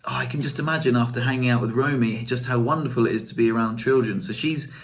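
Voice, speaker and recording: A man's voice: medium pitch, steady tone, quick pace. A young man telling stories in a casual vlog, chatty and self-mocking, laughing often. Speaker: vlogger.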